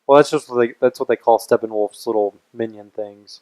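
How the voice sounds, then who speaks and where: Young male co-host, earnest and rambly, relaxed friend-to-friend chat. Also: medium pitch, fairly quick. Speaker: podcast co-host. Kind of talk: casual chat.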